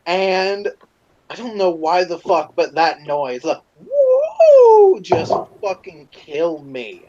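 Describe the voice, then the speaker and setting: A man's voice: fairly high pitch, takes it slowly, lo-fi sound. A man co-hosting a podcast, telling crude stories in a rambling casual way, swearing a lot and restarting his sentences often. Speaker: podcast co-host.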